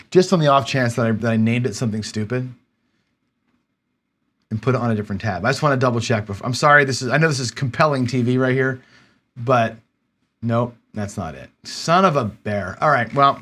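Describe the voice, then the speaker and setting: A man's voice: mid-range voice, breathy edge. A man hosting a live stream, talking casually and muttering to himself in frustration as he searches his computer. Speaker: livestream host.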